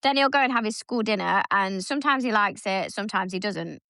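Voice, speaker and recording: On a podcast she co-hosts, a woman tells stories in casual chat, animatedly acting out her son's lines. Her voice sits at medium pitch and moves a little fast, recorded dry with clean studio sound.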